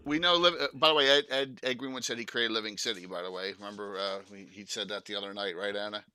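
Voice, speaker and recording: A man with a South Jersey accent, co-hosting a casual podcast and jumping in with excited quick remarks. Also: fairly low pitch, a crowd in the background. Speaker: podcast co-host. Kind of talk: casual chat.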